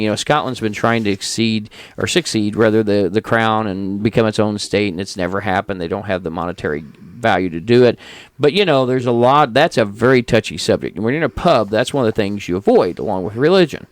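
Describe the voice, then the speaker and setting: A man's voice: on the low side, dry recording. A middle-aged man from Indiana, co-hosting a podcast, telling rambling anecdotes with a lot of tangents. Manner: tangent-prone, animated anecdotes with quoted voices. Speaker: podcast co-host. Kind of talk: rambling casual chat, storytelling.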